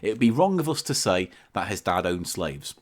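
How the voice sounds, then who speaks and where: A man co-hosts a comedy podcast, reading passages aloud from a book. His delivery bounces through a wide, animated pitch range. He breaks off for deadpan digs at his partner. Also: normal speed. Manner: reads aloud from a book, teasing and deadpan asides. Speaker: podcast co-host reading a story. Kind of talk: comic podcast banter.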